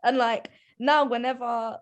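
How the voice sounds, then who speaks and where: A woman's voice: fairly high pitch, steady tone, unhurried, highs cut off. A young woman, chatting casually as a podcast guest, full of restarts and "like" fillers. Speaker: guest, women's football presenter.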